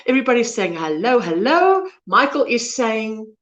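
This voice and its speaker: On the high side and very animated, this woman nonetheless speaks at a slow pace over lo-fi sound. A South African native Afrikaans speaker, she hosts a crochet livestream, reading viewer comments in a chatty, rambling way and trailing off mid-sentence.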